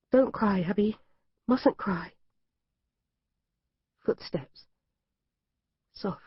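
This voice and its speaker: Woman, audiobook narrator, low voice, dry dull studio, tense reading. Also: no room sound. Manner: tense first-person reading. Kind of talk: scripted narration.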